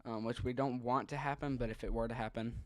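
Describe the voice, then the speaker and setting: A man's voice: mid-range voice, steady tone, quick pace, no echo, clean studio sound. A man giving live commentary on a weather radar stream, thinking aloud hesitantly with frequent ums.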